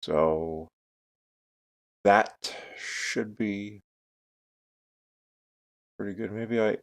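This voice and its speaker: Male streamer, unhurried and a bit low, casual chat into a desk mic. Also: vocal fry. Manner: unhurried, thinking aloud while adjusting audio settings. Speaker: live streamer. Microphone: desk microphone with noise gate and compressor.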